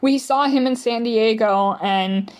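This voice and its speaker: A woman's voice: on the high side, a little slow. A young adult woman, a podcast guest, telling her story in a casual chatty way, peppering it with "like" and acting out what others said. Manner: chatty, fills speech with "like", acts out quotes.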